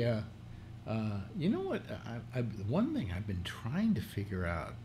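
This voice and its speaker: A man's voice: mid-range voice, darkish tone. A man hosting a casual call-in stream from home, his voice rising and falling freely. He talks in loose rambles full of fillers and restarts. A faint hiss of room noise sits under the computer mic. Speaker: host. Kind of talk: casual live-stream talk show chat. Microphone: computer mic through speakers.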